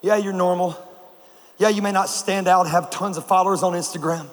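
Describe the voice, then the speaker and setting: A man from North Carolina, a conference speaker, preaching with animated comic stories and laughing at his own jokes on a stage mic. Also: high voice, a little fast. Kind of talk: sermon with comic storytelling. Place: large conference hall. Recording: echoey hall, faint noise.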